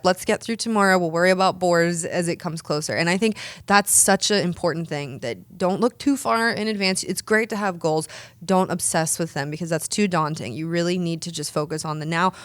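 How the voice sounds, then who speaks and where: A woman's voice: lowish voice, smooth, dry recording. A woman in her thirties, a guest in an interview, telling stories in a chatty, upbeat way with frequent restarts. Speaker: pro wrestler and dentist guest. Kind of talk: casual interview answers.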